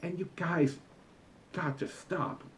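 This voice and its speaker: A man's voice: high voice, steady tone, takes it slowly, fairly bright tone, rough recording. A young man in a comedic vlog rant about customers, talking in an exasperated, lecturing and emphatic way. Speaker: vlogger, former movie theater employee.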